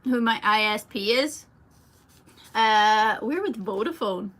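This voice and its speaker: A woman's voice: mid-range voice, takes it slowly, fairly bright tone. A young woman chatting casually on a live stream, giggly and answering fans' comments. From Ireland. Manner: chatty, giggly, reads fan comments aloud. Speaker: singer streaming to fans.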